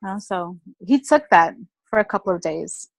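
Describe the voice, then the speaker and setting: A woman giving a personal motivational talk in an energetic, chatty storytelling manner. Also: lowish voice, moderate pace, creaky, no echo, low-quality recording. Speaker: motivational speaker.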